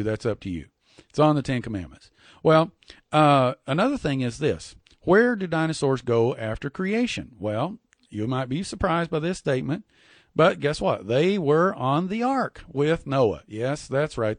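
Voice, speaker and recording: A preacher teaches from the Bible in a folksy sermon style, often repeating words and reading scripture slowly and deliberately. His voice is mid-range, and the clean studio recording has no echo.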